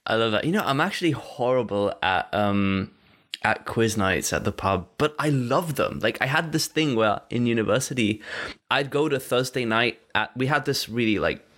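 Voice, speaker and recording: A man's voice: medium pitch, animated, normal speed, a bit bright. A young man hosting a podcast, chatting in an enthusiastic, hesitant way with frequent laughs. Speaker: podcast host. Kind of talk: casual interview chat.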